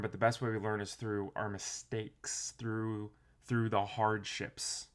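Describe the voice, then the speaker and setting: Brief: man with a lowish voice, reflective and rambling, casual motivational vlog. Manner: reflective, rambling, with restarts and soft trailing phrases. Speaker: motivational vlogger. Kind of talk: casual motivational talk to camera.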